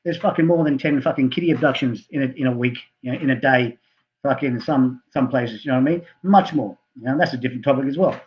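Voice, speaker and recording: A man's voice: mid-range voice, quick pace, lo-fi sound. A middle-aged man, a health coach, ranting in a profane, heated and rambling monologue to his viewers.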